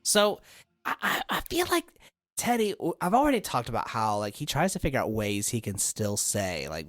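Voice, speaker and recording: A man's voice: fairly high pitch, fairly quick, no echo, studio quality. A man in his thirties co-hosting a podcast, chatting casually and a little tipsy, rambling through his stories. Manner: rambling, lively storyteller. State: tipsy from drinking. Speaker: podcast co-host.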